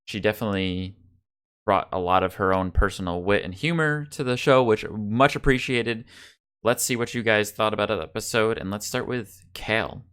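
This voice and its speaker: A man's voice: on the low side, steady tone, moderate pace, fairly bright tone, clean tone. A man hosting a podcast over a video call, upbeat and steering the conversation. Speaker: podcast host. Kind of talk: casual podcast chat.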